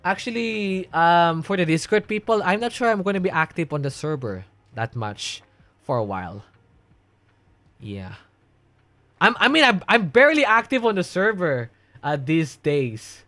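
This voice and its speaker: A man's voice: sits high, very animated, measured pace, a bit bright. A young man chatting casually on a livestream, reading and answering chat in a rambling way and laughing often. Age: young adult.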